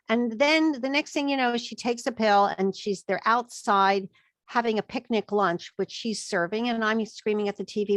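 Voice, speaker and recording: A woman's voice: mid-range voice, normal speed, no room sound. Emphatic woman, dry close sound. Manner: emphatic, acts out quoted thoughts. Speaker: guest expert on chronic illness. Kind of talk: podcast interview.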